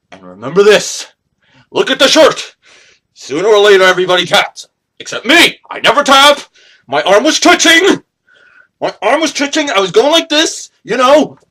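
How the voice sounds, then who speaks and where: A young man delivers a boastful, taunting wrestling promo. His voice sits very high and bright, and it swings up and down as he drags out his slow trash talk.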